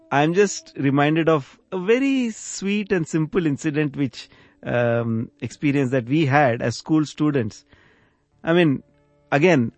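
A man's voice: mid-range voice, a little mellow, no echo. A man reminiscing in casual conversation, thoughtful and hesitant with fillers. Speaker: conversation partner.

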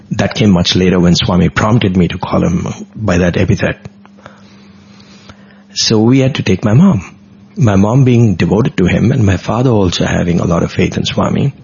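A middle-aged man appears as a guest in an interview, earnestly recounting a devotional personal story in vivid detail. His voice sits low and is gravelly, husky, and darkish in tone, on a dull lo-fi recording.

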